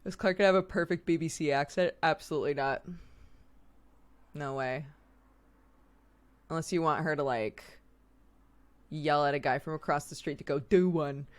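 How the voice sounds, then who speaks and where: A woman's voice: low voice, normal speed, long pauses. A woman streamer chatting casually, telling stories with frequent laughter and casual swearing. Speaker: streamer host. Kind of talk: casual chat.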